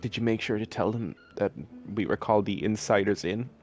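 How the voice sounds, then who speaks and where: A man's voice: on the low side, steady tone, fairly quick, a little mellow, soft background music, natural voice. A man voicing a nervous young male inn helper who stammers anxiously. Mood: worried.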